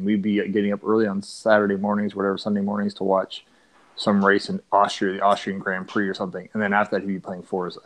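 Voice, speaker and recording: A man's voice: lowish voice, no echo, poor audio. A man talking casually about his son, rambling with frequent restarts. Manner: rambling, halting, many restarts. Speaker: parent discussing his son. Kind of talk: casual podcast chat.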